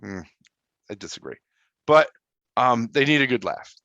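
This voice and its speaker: A man's voice: mid-range voice, lively intonation, normal speed, sharp tone, dry recording. Chatty man, slightly dull lo-fi sound. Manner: chatty, acts out his own thoughts as quotes. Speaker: podcast co-host. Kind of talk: casual movie review chat.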